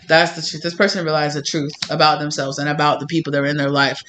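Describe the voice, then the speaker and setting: A man giving a casual tarot reading, talking in an animated way with lots of fillers and some swearing. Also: on the high side, quick pace, few pauses, slight background noise. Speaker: tarot reader.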